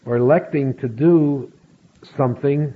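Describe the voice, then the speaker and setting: A middle-aged man slowly telling a personal story, acting out bits of dialogue. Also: mid-range voice, breathy edge. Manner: slow, measured storytelling with acted quotes. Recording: phone-like narrow sound with faint hiss.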